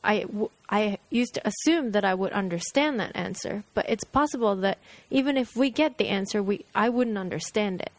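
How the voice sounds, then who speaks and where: A woman's voice: medium pitch, normal speed, few pauses. A woman co-hosting a casual chat, talking animatedly with many fillers.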